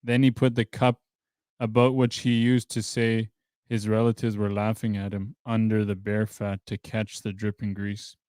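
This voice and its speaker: A man hosting a podcast, reading a translated traditional story aloud in a plain, steady way, with dry offhand asides. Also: on the low side, normal speed, smooth, dry recording. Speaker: podcast host.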